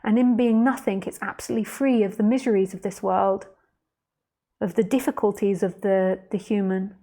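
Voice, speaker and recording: Woman, spiritual teacher, live stream. Soft, slow and reflective, mid-pitched, speaks straight to the viewer. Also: steady tone. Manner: slow, soft and reflective, addressing the listener directly; reads out viewer comments as she goes. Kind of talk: live-streamed talk answering viewer comments.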